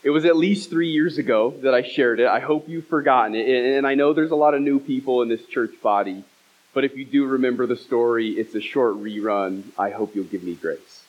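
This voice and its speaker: A man's voice: mid-range voice, fairly quick, muffled recording. A man in his thirties, a pastor preaching a sermon and telling a personal story, acting out the voices in it. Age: 30s. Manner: storytelling, acts out dialogue. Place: church hall.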